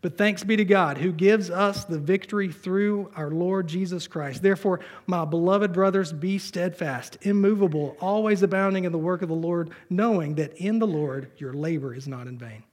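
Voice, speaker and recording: A man's voice: sits high, normal speed, hardly any pauses. A man preaching a sermon in a church. He reads scripture aloud and mixes in casual, joking asides. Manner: conversational preaching with humor, reading scripture aloud. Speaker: pastor.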